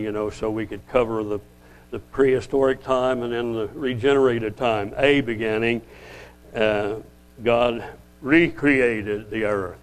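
An older man teaches from the Bible in a loose, conversational sermon. He circles back and corrects himself often, then slows right down to read verses aloud. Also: fairly low pitch, fairly even intonation, low-quality recording. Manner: rambling, self-correcting, conversational. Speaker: lay preacher.

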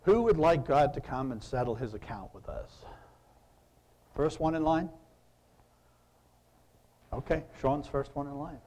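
A man's voice: fairly high pitch, lively intonation, unhurried, long pauses, darkish tone. A man preaching a conversational sermon, reading scripture and asking his listeners questions. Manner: conversational, asks the audience questions.

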